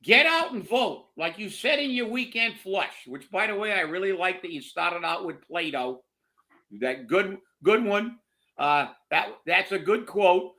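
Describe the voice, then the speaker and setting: Brief: heated male commentator, high and bright voice, profane rant. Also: animated, measured pace. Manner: heated, profane, repeats words when worked up. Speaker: co-host of political commentary show. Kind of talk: angry political rant.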